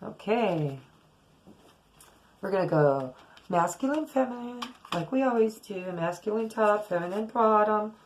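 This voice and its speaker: A woman's voice: mid-range voice, lively intonation, measured pace, slight background noise, poor audio. A middle-aged woman giving a casual, earnest tarot reading to her viewers, often repeating words for emphasis. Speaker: tarot reader.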